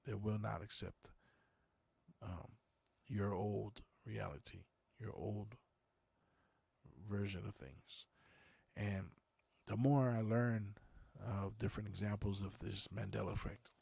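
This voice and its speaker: A man's voice: lowish voice, steady tone, takes it slowly, vocal fry, long pauses, darkish tone, slightly rough, dry recording. A man hosting a podcast, chatting casually in a rambling, conversational way and reading viewer comments aloud. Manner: rambling, conversational, many fillers. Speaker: podcast host.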